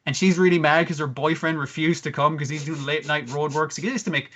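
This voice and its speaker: A man's voice: fairly high pitch, fairly even intonation, fast, fairly bright tone. A man co-hosting a podcast who recaps an episode casually, swearing often and acting out the characters' lines. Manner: profane storyteller who acts out quoted characters. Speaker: podcast co-host. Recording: slightly muffled lo-fi audio.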